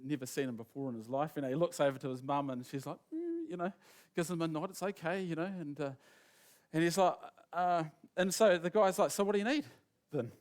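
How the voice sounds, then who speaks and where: Storytelling New preacher, fairly high voice. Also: male voice, brisk. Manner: rambling anecdote, acts out quoted voices. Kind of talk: sermon storytelling.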